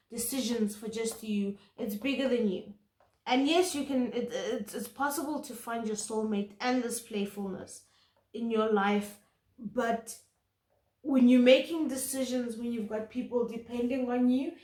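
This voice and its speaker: A woman's voice: a little high, a little mellow, echoey room. A woman giving an intuitive tarot reading to camera, earnest and emphatic, often repeating words for stress. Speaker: tarot reader.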